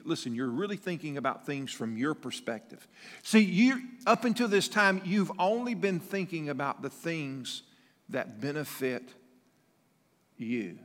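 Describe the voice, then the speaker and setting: A man preaching a sermon, animated, acting out the people in the story as he goes. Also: medium pitch, long reverb tail. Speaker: pastor.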